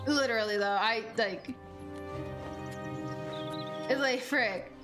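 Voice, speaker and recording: A woman in her twenties chats casually while she plays, rambling through stories with plenty of fillers and casual swearing. Her voice sits high. Faint game music runs under her talk. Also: takes it slowly. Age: 20s. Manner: rambling and animated, heavy on fillers, swears freely. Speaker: game streamer. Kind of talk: casual gameplay chat.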